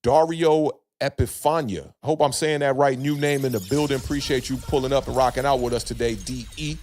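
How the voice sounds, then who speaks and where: A man's voice: medium pitch, steady tone, fast, a little mellow, slight background noise. Laid-back man hosting a live stream. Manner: laid-back, hedging, many fillers, greets chatters by name. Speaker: podcast host reading live chat. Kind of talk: casual livestream sports chat.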